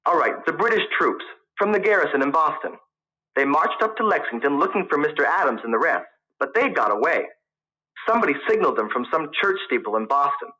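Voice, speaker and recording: An eager young student caught between nerves and defiance, as a storyteller puts him on. He talks in a raised, lively voice that climbs when pressed, bright and sharp at the edges. A storybook figure who argues right back. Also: fairly high pitch, fairly quick, poor audio. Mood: nervous. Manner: eager, defensive. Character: young man, college student, nervous and argumentative.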